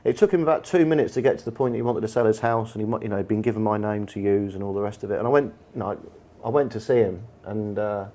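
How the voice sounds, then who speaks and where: An English football manager in a live on-stage conversation at a bar event, telling stories in a chatty, anecdotal way with plenty of fillers. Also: male voice, fairly low pitch, fast, hardly any pauses, dark tone. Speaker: football manager and guest speaker. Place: bar event room with an audience.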